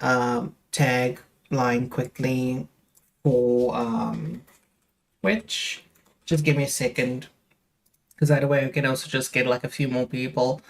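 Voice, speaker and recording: A man's voice: medium pitch, gravelly. A young man chatting casually on a live stream, rambling with lots of fillers as he talks straight to his viewers.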